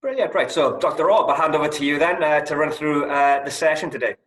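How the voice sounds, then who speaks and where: A man's voice: fairly high pitch, fast, a bit bright, rough recording. Man hosting a university webinar. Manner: friendly, with many "uh" fillers. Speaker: admissions head and webinar host. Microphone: video call.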